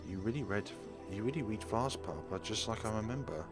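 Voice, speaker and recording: A man playing an anxious young woman scientist desperate not to upset her father, voiced a bit higher and hushed. The soft, pleading delivery sits over steady game music, read straight from a visual novel. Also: fairly quick. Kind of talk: reading a visual novel aloud.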